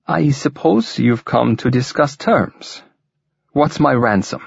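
A male narrator gives voice to a captive statesman, cautious and composed, weighing every word slowly. The tone is gravelly and a little husky, on a dull, lo-fi recording. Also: medium pitch, lively intonation, dry recording, pitched above the performer's own voice, exaggerated voice. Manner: cautious, measured.

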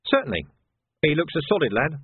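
A man voicing a gruff, hard-bitten middle-aged watch sergeant who speaks curtly with dry sarcasm. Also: fairly high pitch, big pitch swings, fairly quick, no echo, pitched above the performer's own voice, heavily acted. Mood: brisk. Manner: curt, commanding, dry sarcasm. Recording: tinny narrow audio, dry.

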